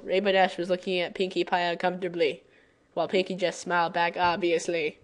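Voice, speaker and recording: A woman's voice: on the low side, flat delivery, a little fast. A woman reading a fan fiction aloud, breaking off often for exasperated, sarcastic asides. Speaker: story reader.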